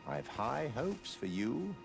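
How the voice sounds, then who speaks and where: A man voicing a grave, gravelly older warrior in a video game, speaking in measured, archaic, confiding tones. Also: mid-range voice, huge pitch swings, over music, exaggerated voice. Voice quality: gravelly, archaic formal speech. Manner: measured, confiding theatrical delivery.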